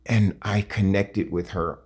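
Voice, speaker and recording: A man telling a personal story in a casual, halting way, in short broken phrases. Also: fairly low pitch, steady tone, darkish tone, breathy edge. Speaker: vlogger.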